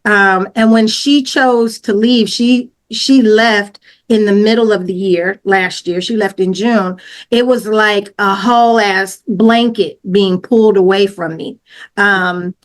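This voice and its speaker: A woman telling her own story as a podcast guest, casual and slangy, acting out what she said back then with lots of fillers and restarts. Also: slow pace. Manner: animated retelling, acts out her own quoted lines louder and higher.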